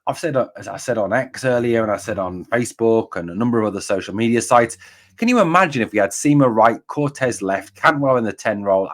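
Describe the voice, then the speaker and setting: A man hosts his own football fan channel, talking alone to his viewers. He rants with angry emphasis and stacks repeated phrases on top of each other. His pitch sits in an ordinary middle range for a man. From Scotland. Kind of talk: heated solo fan commentary.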